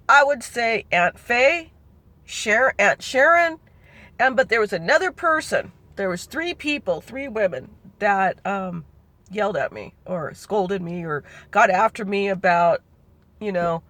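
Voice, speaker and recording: A woman's voice: medium pitch, fairly bright tone, no echo. A middle-aged woman telling a personal family memory in a rambling, conversational way that keeps correcting itself. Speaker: family storyteller. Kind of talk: personal oral-history recollection.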